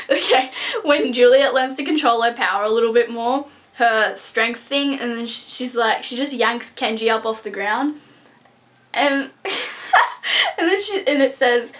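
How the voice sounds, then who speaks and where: A woman's voice: on the high side, a little slow, pauses often, fairly bright tone. A young woman gushing and rambling through a casual book review vlog, full of restarts and fillers.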